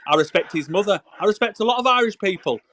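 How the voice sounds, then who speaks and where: A man's voice: high-pitched, lively intonation, quick pace, bright, forceful tone, slight background noise. A man arguing heatedly on a live voice call, lecturing his opponent and repeating his name. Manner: combative, lecturing, repeats the other man's name. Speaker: chat moderator in a live stream argument. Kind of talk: heated live-stream argument.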